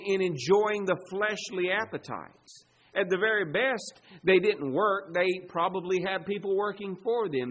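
A man delivers a sermon in a fairly high voice. He swings between loud, emphatic stretches and hushed, low-voiced asides, and he slows right down to draw out words when he reads scripture aloud. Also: low-quality recording. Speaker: pastor.

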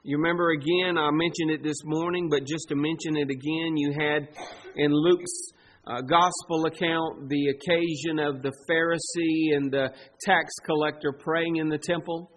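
A man preaching a sermon as pastor, slow and emphatic, drawing out the words he stresses. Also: on the high side, fairly even intonation, fairly bright tone.

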